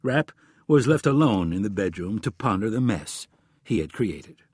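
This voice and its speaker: A man reading a thriller audiobook in a steady, measured scripted narration. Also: lowish voice, breathy edge, dry recording, clean studio sound.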